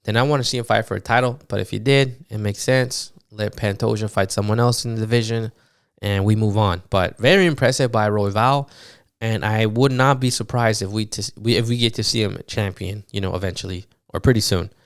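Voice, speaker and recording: A man recapping fights on his podcast in a loose, animated monologue, swearing often and full of fillers. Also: fairly low pitch, fairly quick, clean tone, no echo, studio quality. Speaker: podcast host.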